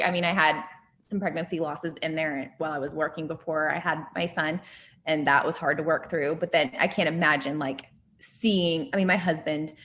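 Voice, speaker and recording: A woman's voice: deep voice, a little hiss or hum. A woman in her thirties, a former healthcare worker and podcast guest, talking candidly in casual chat and laughing often.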